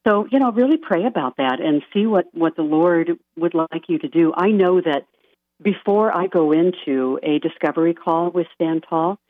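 A woman guest on a radio interview, a life coach, talking softly and earnestly and laughing lightly now and then. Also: lowish voice, normal speed, no room sound. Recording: dry tinny phone-line sound.

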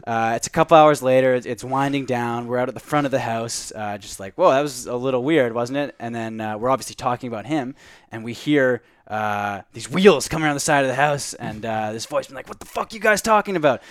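A man's voice: mid-range voice, fairly quick, clear, resonant tone, no room sound. Young guy cohosting a podcast, rambly storytelling, mid voice, dry close mic. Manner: rambling anecdote, lots of "like" and "uh". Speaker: podcast co-host. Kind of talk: casual chat, storytelling.

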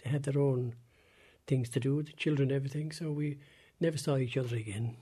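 An Irish man in his eighties, recalling his past in a halting, plain-spoken recorded interview. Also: mid-range voice, steady tone, mellow, husky. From Ireland. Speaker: interviewee, former industrial school resident.

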